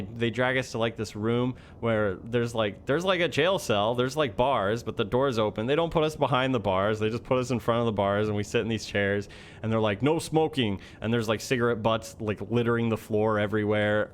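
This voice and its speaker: A man's voice: mid-range voice, fairly quick, a little hiss or hum. Rambling young man telling a story. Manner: rambling, heavy use of fillers. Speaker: vlogger. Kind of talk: casual storytelling.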